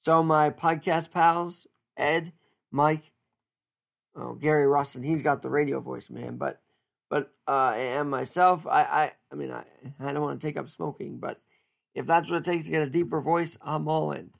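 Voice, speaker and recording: A man's voice: a little high, steady tone, normal speed, gravelly. A man hosting a podcast, chatting casually and joking as he thinks aloud, often restarting his words. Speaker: podcast host. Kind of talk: casual solo podcast chat.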